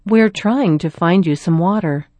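A woman voicing a gentle, weary pioneer father in a storybook reading. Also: lowish voice, a little slow, no echo. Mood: reverent. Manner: gentle, reverent.

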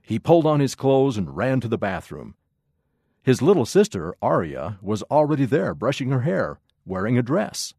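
A man narrating a children's story in an expressive, measured way. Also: mid-range voice, husky, no echo, studio quality.

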